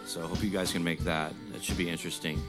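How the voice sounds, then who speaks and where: A man's voice: low voice, level tone, fast talker, loud music behind the voice. A man hosting a bar storytelling night, making loose, chatty announcements. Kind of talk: emcee announcements.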